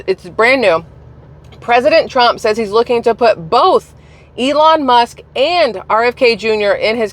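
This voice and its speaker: Chatty sarcastic woman vlogger. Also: a little high. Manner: chatty, rhetorical questions, sarcastic asides. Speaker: political commentary vlogger. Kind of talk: casual opinion commentary.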